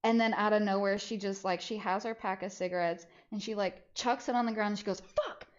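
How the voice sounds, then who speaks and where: A woman's voice: mid-range voice, fast. Young woman telling a story, lo-fi audio. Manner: animated, acts out voices in quotes, swears freely. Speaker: streamer. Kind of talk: casual storytelling. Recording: slightly dull lo-fi audio.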